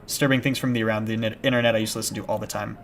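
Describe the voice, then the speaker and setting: A young man chatting casually on a live gaming stream, rambling and restarting his sentences, with bursts of shouted panic. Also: fairly low pitch, fairly even intonation, very fast, creaky, slight background noise. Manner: rambling and self-interrupting, with sudden shouted panic at scares. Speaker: game streamer. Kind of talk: casual live-stream chat while playing. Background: background music.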